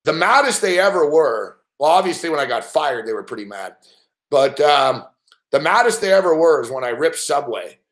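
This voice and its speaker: Here the same kind of casual live-stream storytelling comes in a fairly bright voice on the high side, swinging widely in pitch at normal speed. The man hosts a sports betting show, laughing a lot through rambling, profanity-laced anecdotes.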